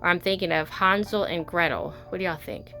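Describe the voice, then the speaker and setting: A woman's voice: on the low side, brisk, gravelly, pushed and bright, faint music behind. A woman chatting casually in a show-and-tell vlog, gushing and rambling with fillers and self-corrections. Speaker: doll collector vlogger.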